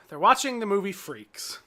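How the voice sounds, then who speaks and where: Bright-voiced man recapping a show. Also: high-pitched, sing-song. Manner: recaps scenes with quick acted-out quotes. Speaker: podcast co-host. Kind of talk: casual recap chat.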